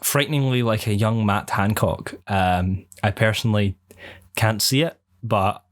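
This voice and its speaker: A man's voice: lowish voice, a little slow. A young man co-hosting a casual podcast, giving long, earnest, rambling opinions. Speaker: podcast co-host.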